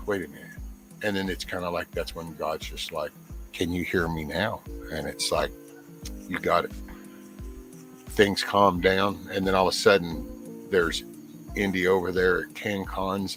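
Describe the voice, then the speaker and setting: A man's voice: sits low, level tone, moderate pace, over music, low-quality recording. A middle-aged man as a guest on a casual livestream panel, telling a long story in an earnest, rambling way with many restarts. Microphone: camera mic.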